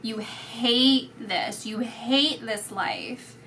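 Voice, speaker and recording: A woman giving a psychic reading, talking in halting phrases that restart often with filler words. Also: fairly high pitch, a bit bright, a little hiss or hum. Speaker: psychic reader. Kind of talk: intuitive reading, spoken to the camera.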